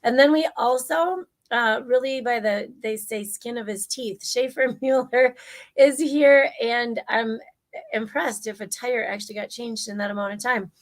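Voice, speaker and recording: A woman opens an online talk show in a bright, chatty way, her voice sitting a bit high. She drops in plenty of "um"s and sounds upbeat and easygoing. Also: unhurried. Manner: upbeat, filler-heavy. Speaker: co-host. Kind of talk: casual show opening.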